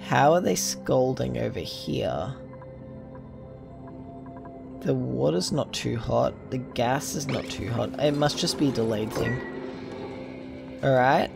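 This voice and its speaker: A man talking through a building game as he plays, pausing often with ums and wandering off on tangents. His voice sits at an ordinary middle pitch. Faint music plays underneath. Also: animated, gravelly. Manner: rambling, thinking aloud with many fillers. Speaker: gameplay video host. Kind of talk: casual gameplay commentary.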